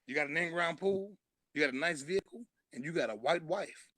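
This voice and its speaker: Nosy suburban neighbor man, a comedian doing him in his story, higher-pitched, pushy, dry close sound. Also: fairly quick, sharp tone, dry recording. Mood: prying. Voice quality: high, eager calls of "hey, buddy".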